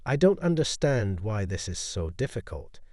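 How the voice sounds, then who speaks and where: A man's voice: fairly low pitch, sing-song, moderate pace, darkish tone, no room sound, clean studio sound. A man voicing a haughty, demanding actress with clipped, disdainful lines in an audio story.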